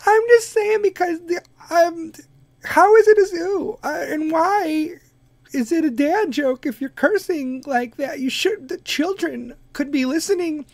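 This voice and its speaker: A man putting on the voice of a ditzy, whiny celebrity woman who asks slow, confused, defensive questions. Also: very high-pitched, dry recording, pitched above the performer's own voice.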